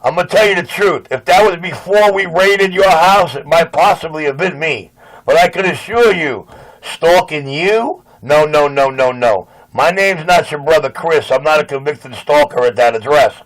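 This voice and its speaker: Higher-voiced man boasting and mocking over CB radio banter. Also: normal speed, rough recording. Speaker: CB radio operator. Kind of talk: trash-talking radio banter. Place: CB radio channel.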